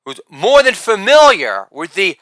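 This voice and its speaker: A middle-aged man performing a boastful, theatrical stand-up comedy monologue with shouted catchphrases. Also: high voice, wildly swooping pitch, unhurried, no echo, clean studio sound.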